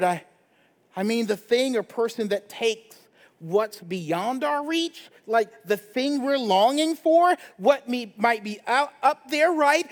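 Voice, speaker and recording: A male pastor with a strikingly high voice delivers a sermon in a casual, conversational way. He keeps checking in with his listeners with quick tag questions. His voice rings out with a long church reverb. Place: church sanctuary.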